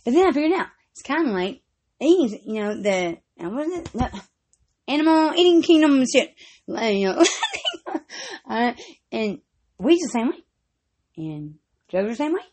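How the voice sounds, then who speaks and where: Giggly high-voiced woman telling rambling stories. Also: big pitch swings, moderate pace, pauses often, darkish tone. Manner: breaks into frequent high giggles, swears freely. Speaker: vlogger. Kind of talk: casual rambling storytelling.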